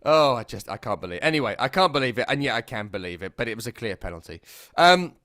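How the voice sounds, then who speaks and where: A man hosting a podcast and chatting casually, in quick animated bursts with trailing asides. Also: mid-range voice, dry recording, clean studio sound. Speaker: podcast host. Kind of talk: casual chat.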